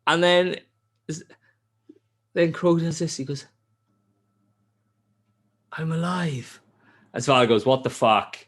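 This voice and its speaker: A man's voice: moderate pace, long pauses. A man hosting a podcast, telling a game's story in casual chat, swearing often and mimicking characters. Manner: animated storytelling, heavy swearing; acts out character lines in a high voice. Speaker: podcast host.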